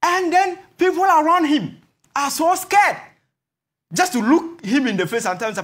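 A Ghanaian man speaks with fervent conviction, repeating phrases for emphasis. His pitch climbs and drops dramatically from one line to the next. He slips Twi phrases into his English. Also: animated, fairly quick, a bit bright. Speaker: political commentator. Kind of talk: heated political talk show commentary.

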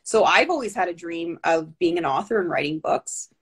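A woman talking in a casual interview over a video call, telling stories in a lively, chatty way with many asides. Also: lowish voice, moderate pace, breathy edge. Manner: chatty, animated storytelling with asides. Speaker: guest with Bell's palsy.

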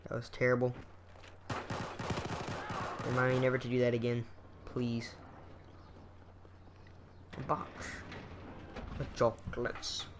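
A man's voice: mid-range voice, monotone, takes it slowly, pauses often. A young man giving goofy, casual commentary over his own gameplay, talking to himself and humming sound effects. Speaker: gaming channel host. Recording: noisy game sounds behind voice. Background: gunfire and explosions from the game.

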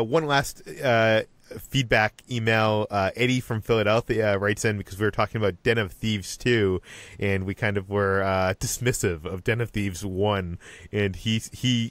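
A man's voice: fairly low pitch, fairly bright tone, no echo. A man from Boston hosting a podcast, chatting casually and reading listener mail with lots of fillers and restarts. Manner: halting, many fillers and restarts. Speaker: podcast host.

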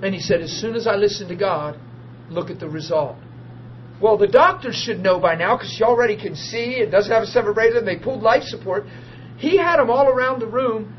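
In a small group meeting room, a man with a high voice delivers informal sermon stories of testimony, lively and often laughing as he acts out the characters' voices. It comes from a dull, lo-fi archive recording carrying faint hiss.

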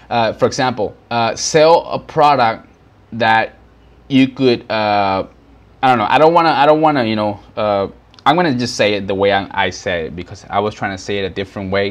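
A man's voice: fairly low pitch, fairly quick. Rambling man teaching sales casually. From Houston, Texas. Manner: rambling, many fillers and restarts, addresses viewers as guys. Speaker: business vlogger. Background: background noise.

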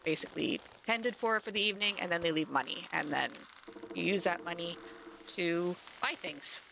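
A woman's voice: fairly low pitch, moderate pace, gravelly, noisy background. Chatty woman streaming a game. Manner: chatty, rambling, many fillers. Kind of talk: casual game-stream commentary.

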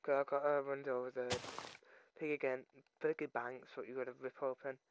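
A man's voice: mid-range voice, level tone, fairly quick, highs cut off, background noise. A man hosting his own gaming channel, chatting casually and rambling off topic while he plays, into his own microphone. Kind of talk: casual gameplay commentary. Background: game music.

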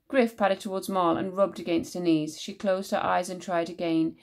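A woman teacher reading a children's novel aloud in a measured, expressive way. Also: on the low side.

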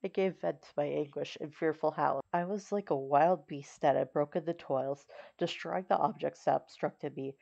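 A woman narrating an audiobook in a steady, measured reading. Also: low voice, vocal fry. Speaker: audiobook reader. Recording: slightly dull recording.

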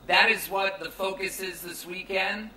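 A man's voice: high voice, steady tone, unhurried, pushed and bright, echoey room, distant mic, slight background noise, poor audio. A young American man preaching a youth sermon in a casual, joking, conversational way. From United States. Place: large tent at a campground.

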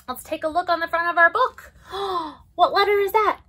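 A young woman leading a preschool story time as a librarian, animated and sing-song, gasping in mock surprise. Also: extremely high pitch, normal speed, hardly any pauses. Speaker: children's librarian.

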